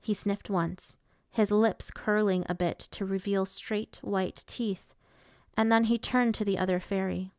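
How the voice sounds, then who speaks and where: A woman narrating a novel in the first person with a measured, even storytelling manner. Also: mid-range voice, no room sound, studio quality. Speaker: audiobook reader.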